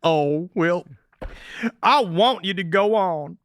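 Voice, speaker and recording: A man's voice: high voice, slow, dry recording, studio quality, pitched below the performer's own voice. A man voicing a pathetic drifter criminal who pleads in a whiny, sing-song way. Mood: tearful.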